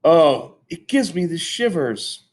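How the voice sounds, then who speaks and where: A man's voice: fairly high pitch, big pitch swings, slow, voice pushed up, full character voice. A man reading aloud, voicing a doting fourth-grade girl who fawns and gushes. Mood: fussing. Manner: breathless, doting and fawning.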